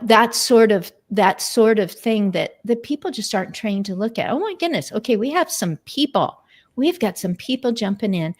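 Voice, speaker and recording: Slow-talking woman hosting a live interview. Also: medium pitch. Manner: rambling, searching for words with many fillers. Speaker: host.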